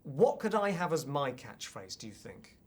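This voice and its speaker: A man's voice: fairly high pitch, sing-song, moderate pace, slightly rough. A man with a British accent hosting a casual radio interview, bantering in a jokey, self-deprecating way. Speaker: radio host.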